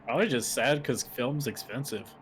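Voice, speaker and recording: A man's voice: medium pitch, normal speed, fairly bright tone, a little hiss or hum. A man co-hosting a let's play in casual chat, talking things through aloud and laughing easily.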